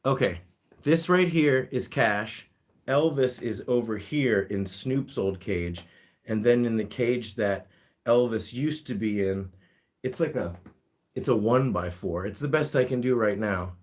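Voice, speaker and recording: A man's voice: mid-range voice, unhurried. A man hosting a casual live-stream chat, reading viewer comments and talking to his guinea pigs. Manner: chatty, reads comments aloud, talks to his pets.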